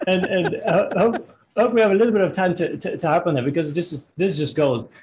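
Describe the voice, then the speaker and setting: A man's voice: sits high, fast talker, a little mellow, a little hiss or hum, low-quality recording. A man working as a relationship coach, talking earnestly in a podcast interview and often repeating words as he searches for them. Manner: earnest, repeats words while searching, acts out quoted dialogue.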